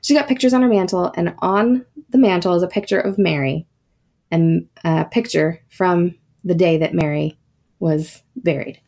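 A woman's voice: on the low side, moderate pace, vocal fry, darkish tone. A woman hosting a podcast, telling a ghost story in a casual, chatty way with many fillers and asides. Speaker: podcast host.

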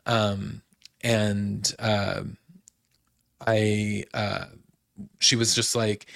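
A man's voice: lowish voice, flat delivery, very slow, creaky, a bit bright, no echo, studio quality. A young man hosting a casual recap, chatty and opinionated, acting out quotes with lots of "like". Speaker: podcast host recapping a reality show.

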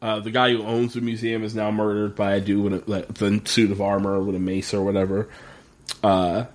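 A man's voice: on the low side, level tone, fairly quick. Male podcast co-host, casual and profane, laughs through his recap. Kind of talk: casual chat recapping a TV episode.

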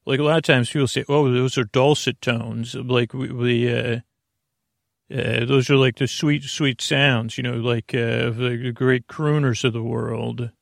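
A man hosting a sleep podcast, talking in a creaky, lulling, meandering way full of tangents and restarts. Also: medium pitch, steady tone, measured pace, no room sound, clean studio sound. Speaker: podcast host. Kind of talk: rambling bedtime talk.

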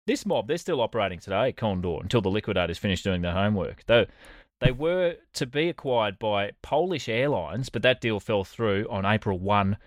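An Australian man co-hosts a podcast, telling a story with dry, sardonic humour and casual swearing. His voice is lowish and animated at a normal speed, with no room sound in the recording.

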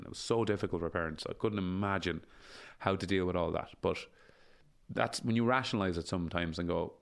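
A man's voice: sits low, vocal fry. A man in his forties, talking emphatically as an interview guest, repeating himself and swearing freely. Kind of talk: casual conversational interview.

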